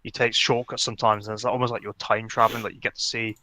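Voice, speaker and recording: A man's voice: lowish voice, flat delivery, quick pace, bright, forceful tone, slight background noise. A man co-hosting a podcast, chatting casually about a game with lots of fillers and restarts while chewing gum. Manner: rambling, many fillers and restarts. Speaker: podcast co-host. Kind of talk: casual gaming chat.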